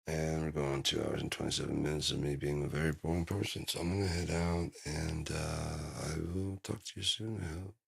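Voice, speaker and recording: A man's voice: rumbling low, steady tone, normal speed, vocal fry, hardly any pauses, slight background noise. A man vlogging in a rambling, profane, casual monologue, telling stories and putting on silly voices.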